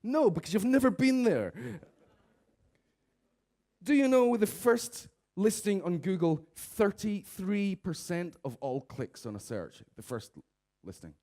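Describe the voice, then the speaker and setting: Lively man giving a comic keynote. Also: high-pitched, measured pace. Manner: lively, mimics office characters in raised voices. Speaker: conference speaker. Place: conference stage.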